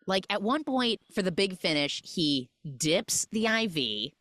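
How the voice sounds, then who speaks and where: Woman host for a comic recap podcast; lively, playful delivery on a dry close mic. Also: medium pitch, measured pace, dry recording. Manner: animated storytelling, quoting characters in mock voices. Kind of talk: casual comedic film recap.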